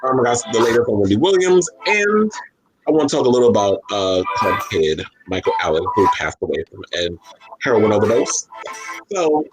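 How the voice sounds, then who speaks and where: A man's voice: on the low side, very animated, normal speed, a little hiss or hum, poor audio. A man hosting a podcast on a live stream, talking in a loose, chatty way with lots of fillers, a little tipsy. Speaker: podcast host. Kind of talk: casual live-stream chat. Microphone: desk microphone.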